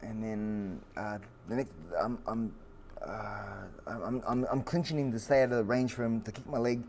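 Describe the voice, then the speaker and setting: A man in his forties from Australia, a fighter telling stories as a guest, lively with lots of fillers and restarts. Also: lowish voice, normal speed, gravelly, slight background noise. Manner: animated storyteller with frequent fillers and restarts. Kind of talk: storytelling in an interview.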